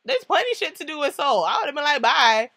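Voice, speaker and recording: A young woman from the New York–New Jersey area reviewing a TV show in a casual vlog, slangy and animated, often laughing and acting out what others said. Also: high-pitched, fast talker, no room sound. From New York–New Jersey tri-state area.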